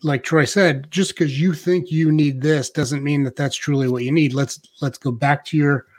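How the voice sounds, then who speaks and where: A friendly man with a fairly high voice chats on a podcast as a sales coach. He is casual and matey, inviting listeners to book a call. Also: fairly even intonation, moderate pace.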